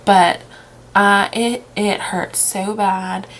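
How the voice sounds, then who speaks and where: A woman's voice: medium pitch, fairly even intonation, drawn-out words, fairly bright tone, slight background noise. A young woman vlogging casually, worn out from crying and short on sleep, rambling and trailing off into whispers. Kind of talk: casual emotional vlog.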